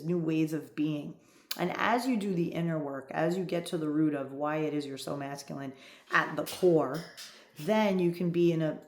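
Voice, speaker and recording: In an echoey room, a love coach in her fifties speaks in a low-pitched, somewhat dark voice. Her monologue is direct and emphatic, and she keeps checking in with listeners by asking "right?".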